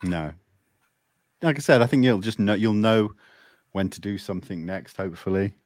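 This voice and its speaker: A man's voice: lowish voice, normal speed, a little mellow, no room sound. A man hosting a casual interview, asking questions hesitantly with many fillers and false starts. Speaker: podcast host.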